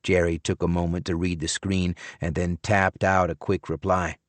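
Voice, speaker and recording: A man narrating an audiobook in the first person, in a measured, expressive storytelling manner. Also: sits low, no echo.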